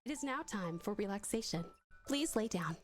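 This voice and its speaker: A woman doing a calm robotic bedtime assistant. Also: medium pitch, soft background music, pitched below the performer's own voice, natural voice. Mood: soothing. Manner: calm, formal, measured.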